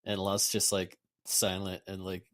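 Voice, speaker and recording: A man narrating a tabletop game as game master, casual and quick to laugh. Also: low voice, monotone, fairly bright tone, dry recording, studio quality.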